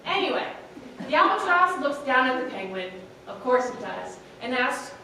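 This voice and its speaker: Bright, lively woman telling a comic story. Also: sits high, normal speed, slight background noise. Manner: playful, chatty asides, laughing. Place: theatre stage, live performance. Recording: roomy hall, voice from far off.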